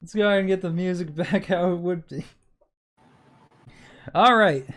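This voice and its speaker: A man's voice: high-pitched, normal speed, a bit bright. A man running a tabletop game as game master, narrating scenes with frequent laughs and restarts.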